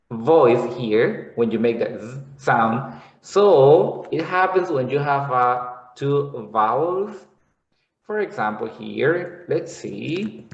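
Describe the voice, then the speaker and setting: A man gives a slow, unhurried pronunciation lesson, stopping to model single sounds again and again. His voice sits in a mid register and carries a roomy echo. The audio is a little dull and lo-fi. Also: mid-range voice, far from the mic. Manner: patient, repetitive explaining with drawn-out sound demonstrations. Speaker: English pronunciation teacher. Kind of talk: classroom-style lesson explanation. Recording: echoey room, slightly dull lo-fi sound.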